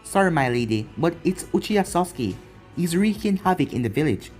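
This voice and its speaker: A man's voice: fairly high pitch, sing-song, a little fast, darkish tone, soft background music. A man voicing a dutiful masked ninja guard giving a terse, urgent report.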